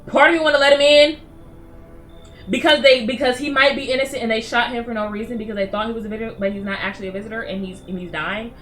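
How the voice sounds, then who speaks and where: A woman's voice: on the high side, fairly even intonation, rapid-fire, few pauses, pushed and bright, soft background music. A woman game streamer giving playful, slangy let's play commentary.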